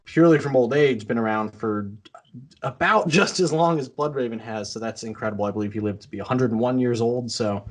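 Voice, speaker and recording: A man co-hosting a podcast in casual chat, rambling with halting restarts and quick to laugh. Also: mid-range voice. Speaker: podcast co-host.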